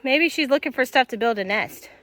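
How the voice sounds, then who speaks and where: A high-pitched woman talking outdoors on her farm. She coos and coaxes at her animals in a sing-song voice, then turns chatty and down-to-earth as she vlogs. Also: lively intonation, a little fast, fairly bright tone, dry recording. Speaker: farm vlogger. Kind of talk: casual vlog narration.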